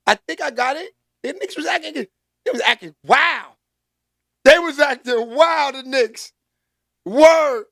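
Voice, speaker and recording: A man with a very high, gravelly voice riffs on sports in a loose, slangy vlog rant, laughing as he goes. His voice is recorded close and dry, with no room echo. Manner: animated, slangy, quick to laugh. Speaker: vlog host. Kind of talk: casual sports commentary.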